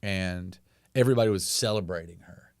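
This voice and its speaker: A man's voice: low voice, fairly quick, no echo, studio quality. A man of forty with a Southern US accent, a musician talking candidly in an interview and swearing freely. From North Carolina, US. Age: 40s. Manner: candid, swears freely, animated when telling stories. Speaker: musician guest. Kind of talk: casual interview talk.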